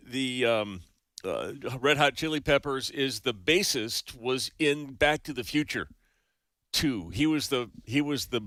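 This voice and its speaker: Radio cohost guy rambling with lots of ums, lively bright voice, dry studio. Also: mid-range voice, no room sound. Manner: chatty, halting with many ums. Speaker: radio news co-host. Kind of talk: casual radio chat. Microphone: studio mic.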